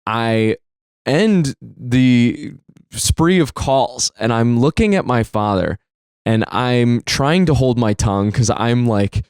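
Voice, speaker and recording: Animated swearing male storyteller. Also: takes it slowly, clean tone, dry recording, studio quality. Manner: animated, swears freely, jumps high when exasperated. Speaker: storyteller host. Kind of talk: personal storytelling.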